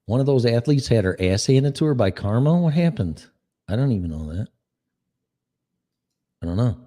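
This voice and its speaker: A man's voice: fairly low pitch, warm tone. A man, giving a profane, sarcastic, exasperated political rant. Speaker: political commentator. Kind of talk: ranting monologue.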